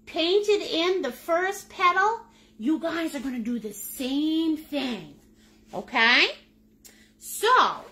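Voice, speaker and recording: An American painting instructor with a Maine accent leads a live painting lesson, keeping things chatty, jokey, and upbeat. Her voice sits high and has a sharp tone.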